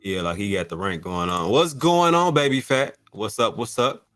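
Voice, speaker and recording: Teasing male co-host, lowish voice, music faint behind. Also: normal speed. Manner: playful, teasing, loud bursts of excitement. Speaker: livestream co-host. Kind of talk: casual chat.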